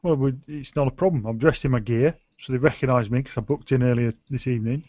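A man's voice: mid-range voice, quick pace, dark tone, no echo. Male player, chatty and easygoing, dry lo-fi sound. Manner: chatty, laughs, declares actions plainly. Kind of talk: casual tabletop game play.

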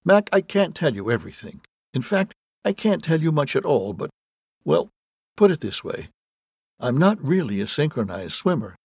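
A man voicing a guarded, secretive woman agent, hesitant and matter-of-fact, with a husky voice. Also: a little high, big pitch swings, moderate pace, darkish tone, no echo, pitched above the performer's own voice, heavily acted.

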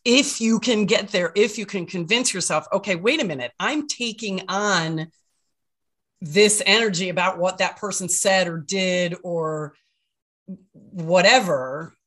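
A woman's voice: on the low side, slow pace, a bit bright. A woman co-hosting a casual chat podcast, talking reflectively and thinking things through aloud. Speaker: podcast co-host.

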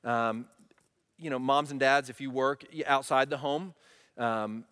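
Man, pastor, animated sermon, bright forceful voice, long hall echo. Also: mid-range voice, unhurried, clean tone. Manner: animated preaching, asks the congregation questions.

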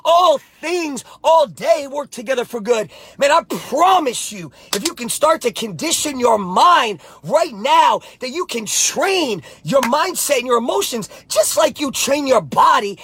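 A man, a life coach, giving a fervent motivational pep talk to camera, often shouting, repeating slogans and calling the listener baby. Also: extremely high pitch, slight background noise.

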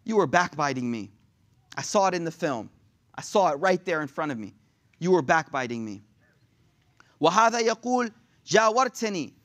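Brisk and expressive, this man's voice sits on the high side. He's an Islamic preacher giving a laid-back, slang-filled sermon, reading Arabic verses aloud and then rendering them in translation.

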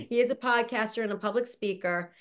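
A woman's voice: fairly high pitch, a bit bright. A woman hosting an online panel over a video call, introducing guests in a chatty, affectionate way and laughing often. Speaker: show host introducing a panel. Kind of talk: casual chat.

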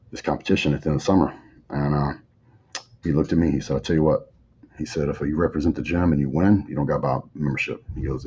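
A man in his forties, a bodybuilder guest in an interview, telling stories in a relaxed drawl and acting out old conversations. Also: very deep voice. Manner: laid-back drawl, acts out dialogue. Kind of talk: casual storytelling. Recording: slightly muffled audio, faint background noise.

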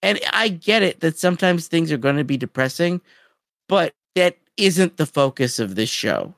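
A podcast co-host in casual chat, recapping a story in an animated way with lots of "like". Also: medium pitch, normal speed, gravelly, no room sound, clean studio sound.

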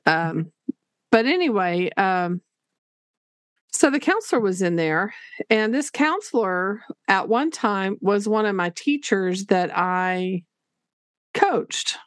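A woman talks on a podcast, earnest and open, often stopping to restart her sentences. Her voice sits in a middle pitch and sounds close and dry, with no room around it. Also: sing-song, takes it slowly, no room sound. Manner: earnest storytelling with frequent restarts. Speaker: podcast co-host, teacher. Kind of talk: casual podcast chat.

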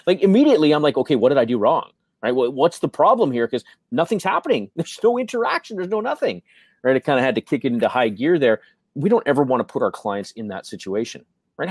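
A man's voice: on the high side, sing-song, fast talker, a little mellow, breathy edge, no echo. A man co-hosting a business chat, emphatic and motivational, asking rhetorical questions and often tagging on "right?". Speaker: podcast co-host.

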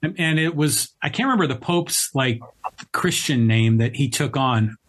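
A man's voice: medium pitch, lively intonation, a little slow, a bit bright, slight background noise. A man chatting casually, explaining things with hesitant fillers. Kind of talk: casual chat.

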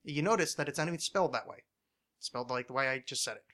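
Man, podcast host, bright and forceful voice, ranting, swearing. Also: mid-range voice, racing. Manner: ranting, swears a lot, many restarts. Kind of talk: casual podcast chat.

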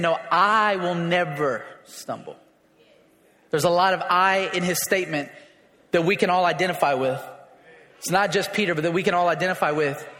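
A man's voice: high voice, a bit bright. A man preaching a sermon as pastor, emphatic and repeating his phrases, calling for responses from the congregation. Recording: echoey hall with long reverb.

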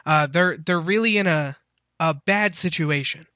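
A man's voice: on the high side, bright, forceful tone, dry recording, studio quality. Man doing a stammering, eager young guide. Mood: earnest. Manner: halting, stammering, repeats words.

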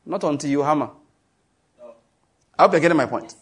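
A Nigerian man preaching a sermon with a Nigerian accent, emphatic, reading scripture slowly and joking with the congregation. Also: a little high, fairly bright tone, slightly rough.

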